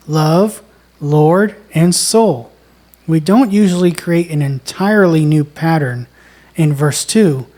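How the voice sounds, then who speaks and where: A woman co-hosting a songwriting lesson, explaining in a measured, deliberate way. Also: sits low, mellow. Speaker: songwriting co-host. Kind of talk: instructional conversation.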